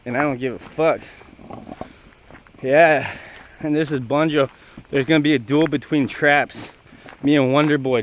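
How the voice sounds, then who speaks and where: A man's voice: medium pitch, dull audio, a little hiss or hum. Brash, profane young Canadian man. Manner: brash, profane, rambling banter. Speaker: vlogger. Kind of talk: casual walking vlog. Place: outdoors at ruins.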